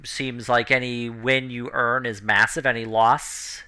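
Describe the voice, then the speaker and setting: Man, game master, tabletop narration, very bright and tense voice, relaxed and loose delivery. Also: mid-range voice, measured pace, clean tone.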